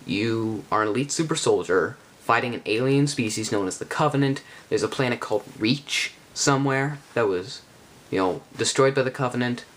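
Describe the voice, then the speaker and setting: A man giving a casual spoken game review, rambling and halting with many restarts. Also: medium pitch, fairly bright tone.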